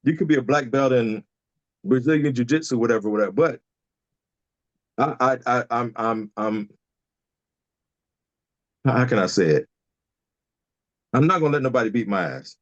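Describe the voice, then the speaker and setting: On a casual video-call chat, a Detroit, Michigan man appearing as a podcast guest speaks his mind candidly, cursing freely and repeating himself as he gets worked up. His medium-pitched voice has lively intonation at a moderate pace with long pauses, and the remote call audio sounds dry and muffled.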